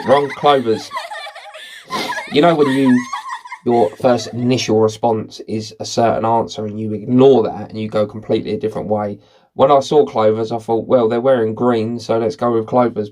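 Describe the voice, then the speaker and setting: A man reading movie quiz questions aloud and thinking out loud about the answers in a casual, rambling way. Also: mid-range voice. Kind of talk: casual commentary while taking a quiz.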